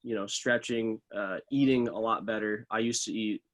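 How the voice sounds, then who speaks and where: A man's voice: on the low side, moderate pace. A young man, a professional runner, talking casually in an interview, loose and full of fillers. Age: young adult. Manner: relaxed, loose, many fillers like "like" and "uh". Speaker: professional middle distance runner, guest.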